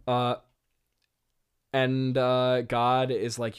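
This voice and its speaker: A man's voice: mid-range voice, steady tone, slow pace, long pauses, clean tone. A man hosting a podcast, talking in a rambling, laughing way full of fillers. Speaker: podcast host. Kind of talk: casual comedic commentary.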